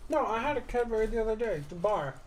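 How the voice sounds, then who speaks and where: High, lively-voiced man cracking crude jokes. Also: fast, a little hiss or hum, poor audio. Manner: joking, crude guesses. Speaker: podcast co-host. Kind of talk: casual chat.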